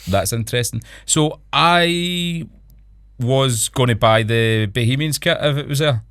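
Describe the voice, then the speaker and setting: A man's voice: medium pitch, measured pace, fairly bright tone, clean tone, no echo, clean studio sound. Chatty Scottish man telling stories. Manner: chatty storyteller, laughs often. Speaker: podcast co-host. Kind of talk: casual chat.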